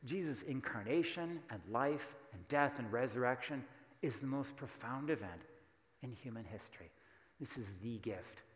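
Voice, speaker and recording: A man's voice: medium pitch, roomy sound, in a large hall. A man preaching a sermon as pastor, emphatic and full of rhetorical questions, calling on the congregation to answer.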